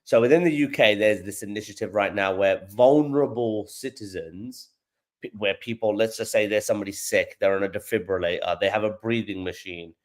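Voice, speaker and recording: Man from London, lower voice, podcast guest, animated, repeats words. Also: brisk. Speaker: guest, AI company founder. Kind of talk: podcast interview.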